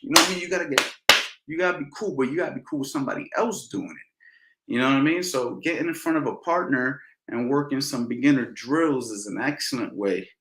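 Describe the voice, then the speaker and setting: A man coaching boxing in a casual question-and-answer session, talking in a relaxed way and often adding "you know" and "man". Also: medium pitch, a little fast, reverberant, a little hiss or hum, poor audio. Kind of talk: casual Q&A instruction.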